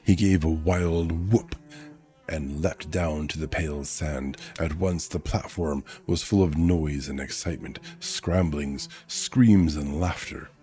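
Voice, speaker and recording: A man's voice: rumbling low, fairly even intonation, takes it slowly, dark tone, faint music behind. A man streaming a casual read-aloud of a novel, chatting in asides and correcting his own slips.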